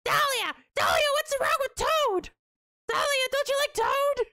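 A woman voicing a squeaky, lovesick little mushroom man who yells and pleads. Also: a little slow, no room sound, studio quality, full character voice. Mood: pleading. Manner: shrill, yelling, pleading.

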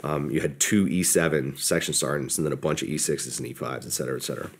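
A middle-aged man casually telling a story from his past, relaxed and self-deprecating, acting out what other people said. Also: a bass voice, quick pace, slight background noise. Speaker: podcast guest, former soldier.

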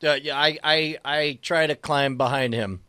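A man's voice: fairly high pitch, a little slow, sharp tone, smooth, no echo, clean studio sound. A man playing a tabletop game, talking in a hesitant, stammering way. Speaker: player.

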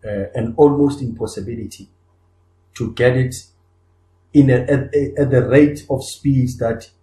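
A man's voice: mid-range voice, unhurried, warm tone. Earnest man in echoey room. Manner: earnest, restarts phrases, rising emphasis on key points. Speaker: podcast co-host. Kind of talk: conversational discussion.

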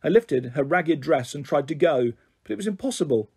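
A man reading a children's novel aloud in expressive storytelling narration. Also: a little high, brisk, slightly rough.

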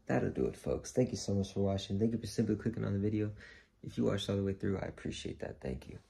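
A man vlogging casually, excitable and gushing, with a heartfelt, sincere way of signing off. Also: fairly low pitch, quick pace, creaky, a little hiss or hum. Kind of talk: casual food vlog.

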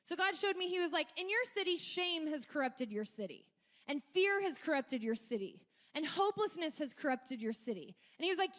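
A woman with a very high voice delivers a sermon. She tells stories in an animated, lively way and now and then breaks into shouted lines. She sounds like a young adult. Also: a little fast. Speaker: preacher.

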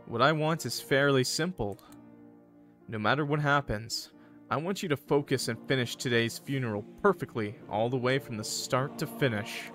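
A man's voice: medium pitch, normal speed, fairly bright tone, soft background music, lightly acted. A man voicing a smug, cocky male guardian angel, reading game dialogue in a playful, sly drawl. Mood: teasing.

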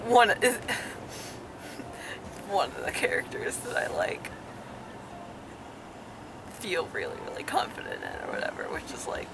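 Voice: mid-range voice, huge pitch swings, slow, gravelly, pauses often. A young adult chatting playfully and teasingly in a car during a casual vlog. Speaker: vlogger. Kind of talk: casual chat. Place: inside a car. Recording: road noise from a car.

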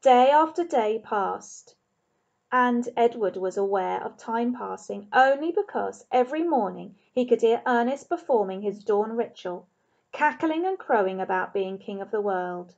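A woman teacher reads a children's novel aloud, calm and expressive, pacing the story for young listeners. Her voice is fairly high. The recording is dull and muffled, like a low-quality home setup. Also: unhurried, vocal fry. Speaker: primary school teacher.

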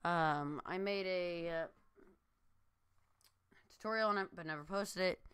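A man's voice: high voice, measured pace, bright, forceful tone, clear, resonant tone, dry recording, clean studio sound. A tired young man vlogging from his room, rambling with lots of fillers and restarts. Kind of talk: casual chat to camera. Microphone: new desk mic.

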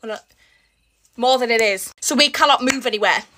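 A young woman chatting through her get-ready-with-me vlog in a rushed, exasperated way, at home. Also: a little high, sharp tone. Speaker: beauty vlogger. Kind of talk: casual get-ready-with-me chat. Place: home, indoors. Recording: noisy room with background cricket sounds. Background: cricket sounds from a smart speaker.

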